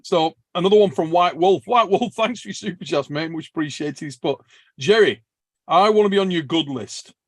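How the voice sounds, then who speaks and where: English male podcast host, high, dry voice, bantering and laughing. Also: moderate pace, no echo. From England. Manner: jokey, laughing, calls people mate. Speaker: podcast host reading super chats. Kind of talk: casual chat.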